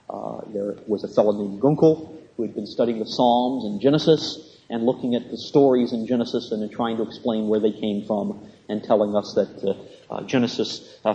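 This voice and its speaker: Male lecturer, measured and halting, dry humor, lo-fi dull recording. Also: medium pitch, a little mellow, a little hiss or hum. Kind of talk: classroom lecture.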